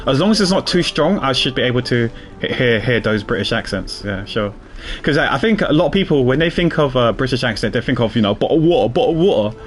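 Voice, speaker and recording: A man's voice: mid-range voice, lively intonation, quick pace, hardly any pauses, fairly bright tone, faint music behind. A man streaming a game, chatting casually in a rambling way, repeating his words and chuckling. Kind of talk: casual gameplay commentary.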